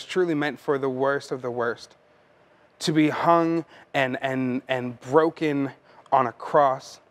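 Man, pastor, sermon, earnest, repeats his words, a bit high-pitched. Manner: earnest preaching, frequent word repeats.

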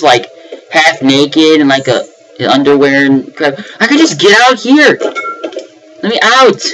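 A man's voice: mid-range voice, a bit bright, rough recording. A young man giving nervous running commentary on a horror game, breaking into panicked repeated words and yelps. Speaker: let's play gamer.

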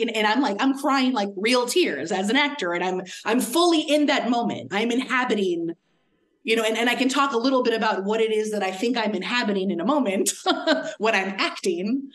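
A woman's voice: a little high, normal speed. A young adult woman telling a story in a casual talk, laughing often and acting out the voices of the people in it. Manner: animated, laughs often, acts out quoted voices. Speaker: academic speaker.

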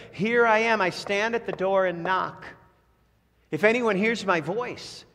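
A pastor delivers an emphatic sermon with a fairly high voice that climbs on each key phrase and falls low at the end of a thought. His words ring out with a long reverb from the sanctuary around him. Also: fairly bright tone. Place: church sanctuary.

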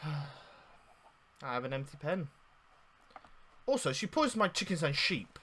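Lively man ranting over his game. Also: fairly high pitch, slow pace, slight background noise. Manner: exasperated, swears, swings from loud outbursts to mock mourning. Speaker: gaming YouTuber. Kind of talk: casual game commentary.

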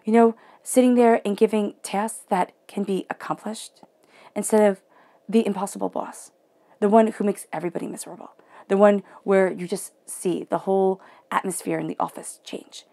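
A woman giving a guided tarot reading in a soft, emotional way, often dropping into near-whispers. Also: medium pitch, fairly even intonation, moderate pace. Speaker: tarot reader.

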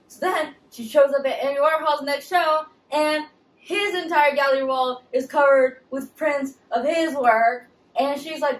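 A woman telling a comic story in an irreverent, animated way. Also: fairly high pitch, normal speed, echoey room, far from the mic, rough recording. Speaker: comedian storyteller.

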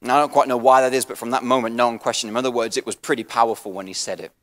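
An English man preaching a sermon as pastor, swinging from soft and low to loud and passionate, often repeating and restarting words. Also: fairly even intonation, very fast, big-room sound. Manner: restarts and repeats words, self-deprecating asides.

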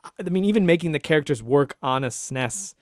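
A man co-hosting a casual podcast discussion, talking in an animated, rambling way with restarts and laughs. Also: on the high side, fairly quick, no room sound, clean studio sound. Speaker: podcast co-host.

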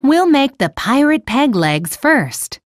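Bright, cheerful teacher lady. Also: high-pitched, very animated, slow pace, a little hiss or hum, heavily acted. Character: cheerful adult woman teacher. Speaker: teacher at a kids' center. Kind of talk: animated storybook voice acting.

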